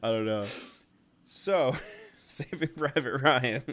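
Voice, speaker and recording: A young man co-hosting a movie podcast, talking in loose, rambling casual chat at a middle pitch. He piles up fillers and slips into quick put-on voices when he retells scenes. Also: lively intonation, a bit bright. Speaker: podcast co-host.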